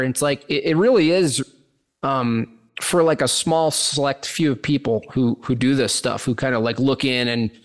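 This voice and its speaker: A man talking as a podcast guest, rambling with lots of fillers and restarts. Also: medium pitch. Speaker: podcast guest, meme producer. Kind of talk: casual podcast chat.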